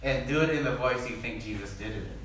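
Speaking fast in a fairly bright, medium-pitched voice, a male pastor keeps his sermon jokey and conversational, calling on the congregation to answer back. Slight background noise accompanies the echoey church hall sound.

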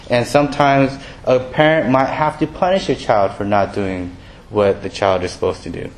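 Man, pastor, sermon, conversational, mid-pitched voice, self-deprecating humor. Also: fairly even intonation, normal speed, a little hiss or hum.

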